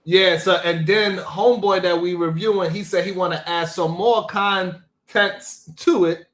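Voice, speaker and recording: A man hosting a comedic livestream, reacting to clips with loud, incredulous, slang-heavy talk. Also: high-pitched, fairly even intonation, a little slow, echoey room. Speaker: livestream host.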